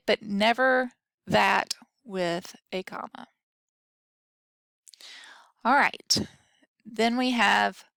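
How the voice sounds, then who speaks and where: A woman's voice: medium pitch, gravelly, fairly bright tone, no room sound, studio quality. A woman instructor giving a recorded grammar lesson, explaining patiently and talking through example sentences aloud.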